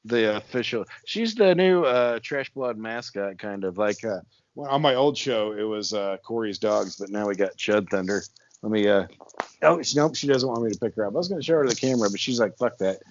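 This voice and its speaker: A man's voice: on the low side, animated, fairly quick, dry recording, lo-fi sound. A man hosting a horror comedy podcast from his barn, rambling casually with lots of fillers and laughs. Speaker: podcast host. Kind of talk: casual chat. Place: his barn with the door open and a fan on.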